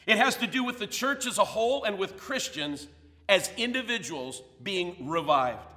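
A man's voice: sits high, expressive, normal speed, bright, forceful tone, in a large hall. A man preaching a sermon as pastor, emphatic and full of rhetorical questions.

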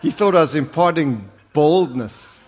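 A man's voice: on the high side, lively intonation, a little slow, a little mellow, slight background noise. An older man with a South African accent preaching a sermon, telling humorous stories and rising into emphatic exhortation. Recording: long hall reverb.

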